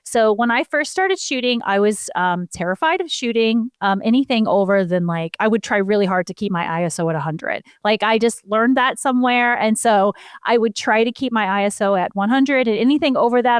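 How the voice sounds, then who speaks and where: A woman's voice: mid-range voice, fairly quick, hardly any pauses, smooth, dry recording, studio quality. A woman co-hosting a casual podcast, explaining horse photography in a chatty, self-deprecating way.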